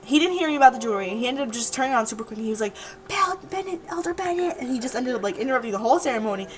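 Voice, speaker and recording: A woman's voice: fairly high pitch, rapid-fire, poor audio. A young woman talking casually to her webcam in a diary-style vlog, rambling and repeating herself. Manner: rambling, chatty, repeats words. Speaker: vlogger.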